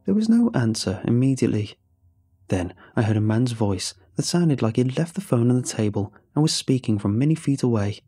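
A man narrates a first-person horror story with a dark, mellow tone and a husky edge to his voice. He keeps the delivery measured and suspenseful, letting the tension build line by line. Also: mid-range voice, big pitch swings, dry recording, studio quality.

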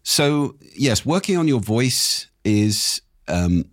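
A man, a speaking coach, explaining in conversation with lively, demonstrative intonation and a husky voice. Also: mid-range voice, slow, dry recording, clean studio sound.

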